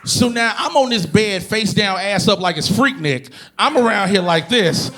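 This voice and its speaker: A man performing a stand-up comedy routine on stage, telling animated, profane stories and bursting into shouted impressions. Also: high-pitched, moderate pace. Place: comedy stage before a live audience.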